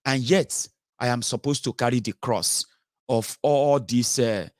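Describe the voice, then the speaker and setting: A man's voice: medium pitch, unhurried, no room sound, clean studio sound. A Nigerian man giving an impassioned commentary monologue, emphatic and rhetorical, with many filler sounds. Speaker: political commentary host.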